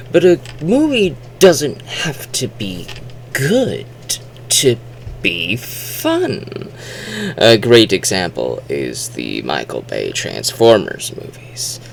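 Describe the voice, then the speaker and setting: Male reviewer, casual and rambling, low and gravelly, lively pitch, quick to play out quotes in voices. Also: a little hiss or hum. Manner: rambling and chatty, with many fillers and restarts; acts out quotes in animated voices. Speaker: movie reviewer. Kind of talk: casual spoken movie review.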